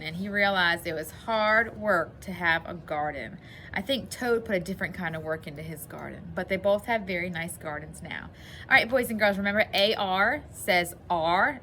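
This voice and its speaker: A woman teacher giving a phonics lesson to children and reading a story aloud, clearly enunciating in an encouraging way. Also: mid-range voice, lively intonation, normal speed, pushed and bright, slight background noise.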